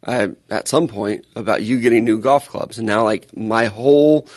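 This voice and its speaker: A man's voice: lowish voice, normal speed, darkish tone, no echo, studio quality. A man co-hosting a casual sports podcast, teasing his partner and laughing often. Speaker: podcast co-host.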